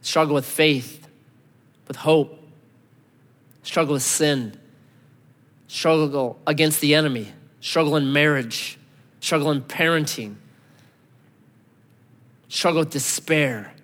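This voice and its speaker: A man in his thirties preaching a sermon as pastor, animated, acting out voices and swinging between loud and soft. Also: a little high, slow, long pauses. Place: large church hall. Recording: long hall reverb.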